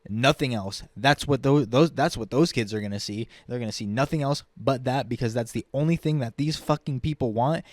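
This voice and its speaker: A young man ranting angrily as a vlogger, profane and heated, jumping from shrill mockery to low, weary muttering. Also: a little mellow, no room sound. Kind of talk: angry ranting commentary.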